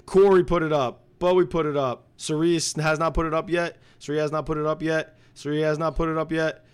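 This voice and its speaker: A young man co-hosting a podcast, reacting to a live watch-along in an animated, laughing way. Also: fairly high pitch, brisk, clear, resonant tone. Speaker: podcast co-host.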